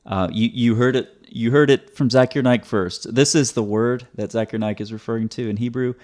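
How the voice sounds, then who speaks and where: Male video host, mid-pitched, methodical explainer with a dry sarcastic edge and frequent restarts. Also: steady tone, normal speed, a little mellow. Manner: sarcastic, methodical, repeats words. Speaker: video commentator.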